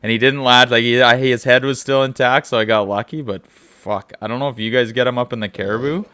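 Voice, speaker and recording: A man on a hunting podcast, telling stories in a loose, profane, animated way. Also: medium pitch, a little fast, clear, resonant tone, dry recording, studio quality. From British Columbia, Canada. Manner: profane, animated, swears constantly. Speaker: podcast host. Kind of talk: casual chat, storytelling.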